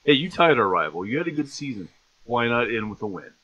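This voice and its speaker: A man's voice: mid-range voice, very animated, quick pace, fairly bright tone, highs cut off. A man hosting a live sports talk stream, ranting and mocking in an exasperated way. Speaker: sports show host.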